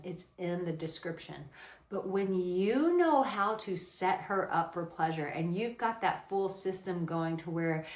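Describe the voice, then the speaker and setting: A woman dating coach giving blunt, animated advice to camera, swearing casually. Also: lowish voice. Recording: roomy echo.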